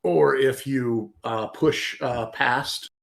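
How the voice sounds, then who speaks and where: A man in casual interview chat, explaining game design with enthusiastic, animated storytelling and some hesitations. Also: medium pitch, extremely slow, vocal fry. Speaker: guest, game author and designer.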